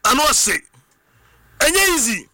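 A man with a Ghanaian accent gives an excitable, animated monologue, mixing Twi and English and breaking into shouts and sing-song. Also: very high-pitched, normal speed, dry recording, clean studio sound.

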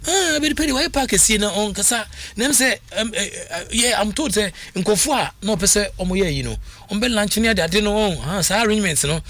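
A man giving animated, excitable sports commentary as a radio host, switching between languages and laughing often. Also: sits high, brisk, hardly any pauses, no room sound.

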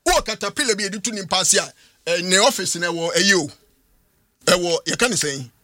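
A man's voice: high voice, lively intonation, a little fast, bright, forceful tone, no room sound, studio quality. A man with a Ghanaian accent, hosting a sports radio talk show and giving emphatic, argumentative opinions. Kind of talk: radio sports talk in mixed Twi and English.

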